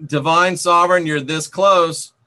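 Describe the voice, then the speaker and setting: A man's voice: on the high side, fairly even intonation, a little slow, pushed and bright. A man hosting a live stream, reading viewer comments aloud and sarcastically scolding and banning rude commenters. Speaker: channel host.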